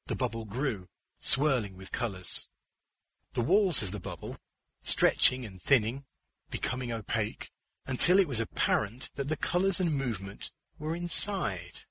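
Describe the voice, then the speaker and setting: A man reads fiction aloud in a measured, deliberate way, with a husky voice and a strikingly bright tone. His delivery is slow and low-pitched. The sound is dry and close to the mic. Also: lively intonation, no echo, rough recording. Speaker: narrator. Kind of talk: scripted audiobook narration of fiction.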